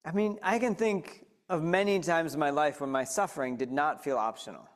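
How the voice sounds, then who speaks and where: A man's voice: a little high, fairly quick. A man leading a mindfulness talk, speaking conversationally and directly to a live audience with frequent questions. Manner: animated, addresses listeners directly with questions.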